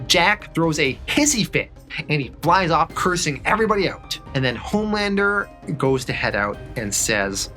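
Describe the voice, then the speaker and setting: Man, casual comic recap, bright voice, faint music underneath. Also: medium pitch, expressive, moderate pace. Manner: loose, repeats "and then". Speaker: comic book reviewer.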